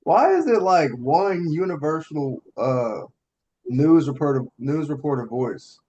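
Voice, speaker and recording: A woman co-hosting a podcast, making blunt quick remarks about news clips. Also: low voice, lively intonation, mellow, lo-fi sound, slight background noise. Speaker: podcast co-host. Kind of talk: casual chat reacting to news clips.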